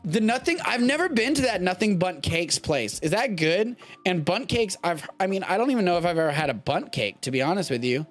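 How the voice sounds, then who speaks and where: A man's voice: high-pitched, big pitch swings, brisk, hardly any pauses, soft background music. A young man from Texas hosting a live stream, chatting casually and riffing with profanity. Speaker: host of a live streamed show.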